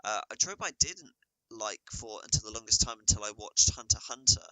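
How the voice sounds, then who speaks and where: A young man co-hosting a podcast in casual chat, animated and halting, with frequent swearing and restarts. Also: fairly low pitch, dry recording, rough recording. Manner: animated, ranting, swears freely. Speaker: podcast co-host.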